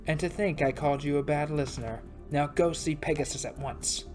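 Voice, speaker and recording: A woman voicing an ancient, scheming male villain who speaks in a grand, slow, menacing way. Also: deep voice, fairly even intonation, darkish tone, soft background music, lightly acted.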